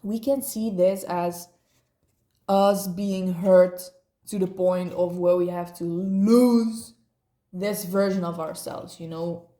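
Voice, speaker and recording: A woman leads a casual spiritual reading at an unhurried pace. Her voice is mellow and a little dark, and she rambles and slips in slang as she goes. The sound echoes around a roomy space. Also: on the low side, fairly even intonation. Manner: rambling, laughing, slangy ("bruh", "eh"). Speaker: tarot reader.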